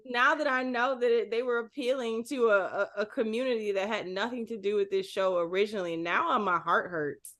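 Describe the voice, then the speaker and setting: Animated woman podcast co-host. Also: fairly high pitch, a little fast, few pauses. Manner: animated, candid, swears casually. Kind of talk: casual chat.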